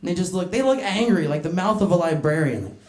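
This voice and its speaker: A woman works a comedy club crowd with brash, crude, self-mocking jokes, often breaking into laughter as she teases people in the seats. Her voice is going a little hoarse, and the stage mic picks up a roomy, echoing club sound around her. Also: lowish voice, animated, brisk, noisy background. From United States. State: voice getting hoarse. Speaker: stand-up comedian. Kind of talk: stand-up set with crowd work. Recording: echoey club room.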